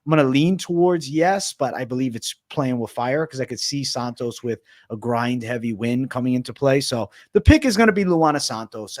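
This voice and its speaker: A man's voice: medium pitch, darkish tone. Laid-back man breaking down fight bets. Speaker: co-host of MMA betting show. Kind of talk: casual fight analysis and betting talk.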